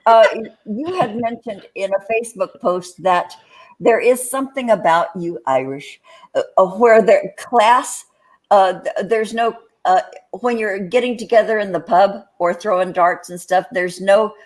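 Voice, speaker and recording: An older American woman hosts a casual talk show. She rambles and hesitates, filling her sentences with fillers. Her voice sits at a middling pitch. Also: measured pace, rough recording. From United States. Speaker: host. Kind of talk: casual chat.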